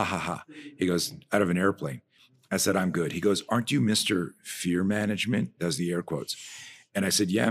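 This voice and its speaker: A man who trains people in martial arts and fear management, telling stories on a podcast in an animated way, often trailing off and restarting his sentences. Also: deep voice, vocal fry, breathy edge. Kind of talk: conversational podcast storytelling.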